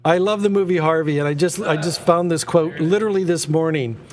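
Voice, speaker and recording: A man hosting a live-streamed art auction, excitable and prone to rambling tangents. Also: fairly high pitch, brisk. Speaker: auction host.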